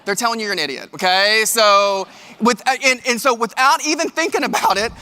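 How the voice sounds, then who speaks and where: A man with a high, bright voice gives a motivational keynote in a large hall before a live audience, speaking a little fast. He tells stories animatedly and addresses the crowd directly, with long hall reverb on the recording.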